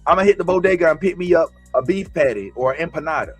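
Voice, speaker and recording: A man's voice: on the high side, animated, quick pace, slightly rough, dry recording, soft background music. A man putting on a flippant, carefree woman casually announcing errands. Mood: breezy. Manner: breezy, carefree.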